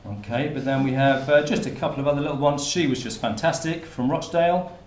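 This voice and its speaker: This man, a university researcher from Hertfordshire, England, has a medium-pitched, slightly mellow voice and speaks a little fast. His informal conference presentation is full of restarts and fillers. Recorded in a roomy lecture room, it has a little hiss or hum.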